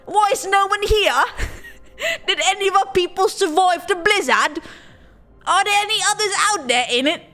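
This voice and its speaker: Woman putting on a high, loud, jokey fake British reader, game parody, music behind. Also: extremely slow, hardly any pauses, heavily acted. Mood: mock dramatic. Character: mock-British woman reading game text. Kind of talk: parody reading.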